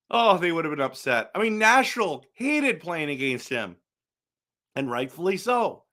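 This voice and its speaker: A middle-aged man with a slightly raised voice talks through a casual fan vlog. He is animated and chatty, speaks directly to his viewers, and often repeats himself or restarts a phrase. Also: fairly high pitch, moderate pace. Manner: frequent repetitions and restarts. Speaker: hockey fan channel host.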